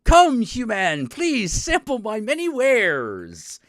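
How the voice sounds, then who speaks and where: A man voicing a floating male spirit cat who runs a shop, speaking slowly and formally. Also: wildly swooping pitch, a bit bright, dry recording, clean studio sound, exaggerated voice. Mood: courteous. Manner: slow, formal and high.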